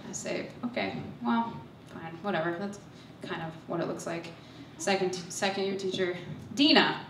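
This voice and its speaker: A woman's voice: on the low side, normal speed, a little hiss or hum. A young woman telling a personal story on stage, nervous and self-deprecating, laughing through her lines. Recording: echoey hall, voice from far off.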